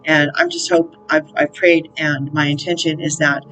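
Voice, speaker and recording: A woman's voice: low-pitched, fairly even intonation, moderate pace, fairly bright tone, faint music behind, low-quality recording. A woman hosting her own spiritual channel, talking in a rambling, casual monologue with plenty of fillers and the odd swear word. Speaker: spiritual counselor and channel host.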